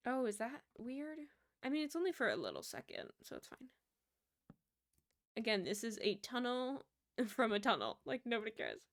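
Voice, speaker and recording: Chatty young woman, slightly high voice. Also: big pitch swings, moderate pace. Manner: rambling storyteller, many fillers, laughs easily. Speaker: streamer. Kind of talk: casual chat while gaming.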